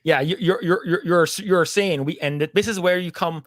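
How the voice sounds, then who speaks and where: A man's voice: high-pitched, brisk, fairly bright tone, no room sound. Rambling man retelling a cartoon plot. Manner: rambling storyteller, acts out quoted lines, swears freely. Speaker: podcast co-host.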